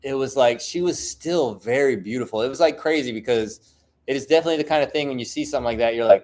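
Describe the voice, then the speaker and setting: A man's voice: mid-range voice, fast, darkish tone. Rambling, profane man telling stories. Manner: rambling, profane storytelling with many fillers. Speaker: tattoo artist. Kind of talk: casual solo monologue.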